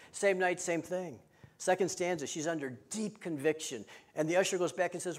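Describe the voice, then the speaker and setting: A male pastor delivering a sermon in a rhythmic, repetitive cadence, moving between loud emphatic lines and hushed, intimate ones. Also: sits high, fairly quick.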